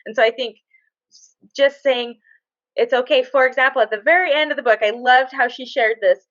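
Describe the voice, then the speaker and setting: A woman's voice: high-pitched, fairly quick, a bit bright, dry recording, lo-fi sound. A woman in a casual book club discussion, talking chattily with many fillers and restarts.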